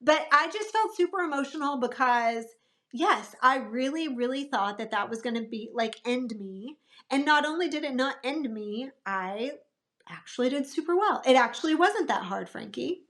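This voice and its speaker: A woman in her thirties, a podcast guest, telling an animated story and acting out her own past thoughts. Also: high voice, moderate pace. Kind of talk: casual podcast conversation.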